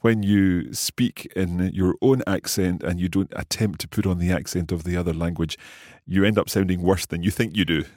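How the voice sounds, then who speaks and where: A man hosting a language lesson, asking questions and slowly repeating new phrases, often chuckling. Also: low voice, fairly even intonation, darkish tone, no room sound, clean studio sound. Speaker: podcast host and learner.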